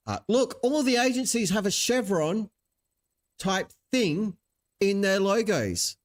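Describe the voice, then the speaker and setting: Wry, lively-voiced man hosting. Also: high-pitched, takes it slowly. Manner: wry, chatty, sarcastic asides. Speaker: channel host reacting to a video. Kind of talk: casual live-stream commentary.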